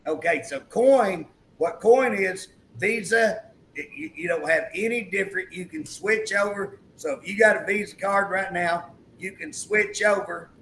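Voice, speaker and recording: A man's voice: high voice, unhurried, a bit bright, slight background noise, poor audio. A male talk show host chatting emphatically, retelling a story and acting out the quotes. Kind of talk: political talk show chat.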